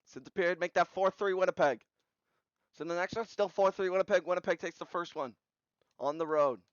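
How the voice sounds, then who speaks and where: A young man recapping simulated hockey games in quick bursts of scores, getting excited at big goals. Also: high voice, clean tone, no room sound. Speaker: video game simulation commentator. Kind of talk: play-by-play recap commentary. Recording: slightly dull lo-fi audio.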